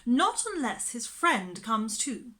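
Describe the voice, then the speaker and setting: A woman voicing a calm, brisk nanny who speaks crisply and firmly in a storybook reading. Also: on the high side, full character voice. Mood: matter-of-fact.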